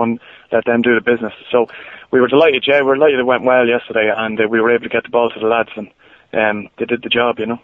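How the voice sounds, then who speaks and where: Irish footballer on a tinny phone line. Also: male voice, medium pitch, dry recording. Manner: easygoing, many fillers and restarts. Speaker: guest footballer. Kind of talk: casual interview over the phone.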